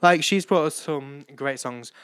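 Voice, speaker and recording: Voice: mid-range voice, measured pace, a bit bright, clear, resonant tone. A late-teen podcast host with a British accent, rambling through a casual solo catch-up in a chatty, self-mocking way. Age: late teens.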